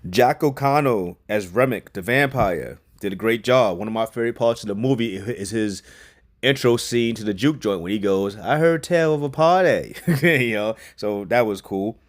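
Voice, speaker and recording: A man's voice: lowish voice, normal speed. Laid-back New guy reviewing films. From New York. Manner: loose and profane, repeats himself, laughs often. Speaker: movie reviewer. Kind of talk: casual spoken film review.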